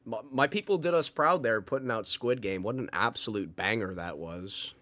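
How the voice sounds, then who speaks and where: A young guy casting a strategy game live with a somewhat low, bright voice. loose, jokey banter, the headset picks him up close. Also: normal speed. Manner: joking, casual banter. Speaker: esports caster. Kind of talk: live esports commentary.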